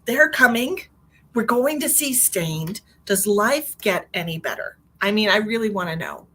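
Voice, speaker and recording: A woman's voice: medium pitch, sing-song, measured pace, pushed and bright. A middle-aged woman hosting a live stream as a psychic medium, chatting in a rambling, bubbly way and laughing often. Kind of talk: casual live-stream chat.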